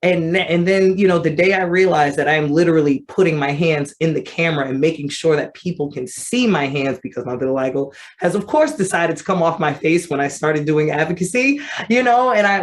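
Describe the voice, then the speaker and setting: A woman in her thirties telling her personal story as an advocate, conversational and animated, acting out her remembered thoughts. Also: low voice, normal speed. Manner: conversational with frequent fillers. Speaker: vitiligo advocate.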